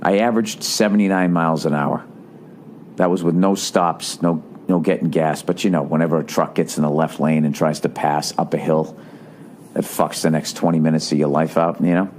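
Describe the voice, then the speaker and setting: A man hosting a podcast, telling a rambling comic story with animated, profane ranting. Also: extremely low pitch, normal speed, a little hiss or hum. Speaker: podcast host.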